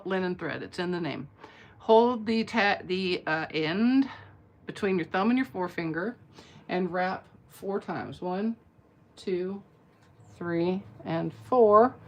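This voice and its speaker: A woman giving a casual card-making tutorial, chatty and folksy, talking to viewers as she works. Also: mid-range voice. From American South. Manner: chatty, folksy, talks to viewers while working.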